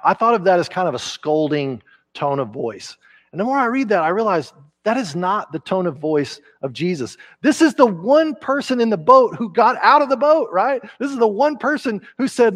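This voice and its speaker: A man, a pastor preaching a conversational sermon in a church, growing animated as he acts out quotes. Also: sits high, normal speed. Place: church sanctuary.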